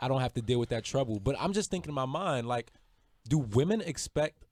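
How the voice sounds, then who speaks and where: A man's voice: medium pitch, a little fast, no room sound. Man telling a story on a podcast. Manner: animated storyteller. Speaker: podcast co-host. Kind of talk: casual podcast chat.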